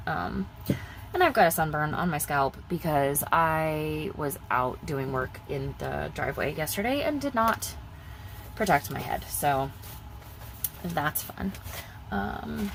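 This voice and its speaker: A woman's voice: low voice, slight background noise, poor audio. A young woman chatting casually in her vlog, rambling and repeating herself as she talks about budgeting. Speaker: budgeting vlogger.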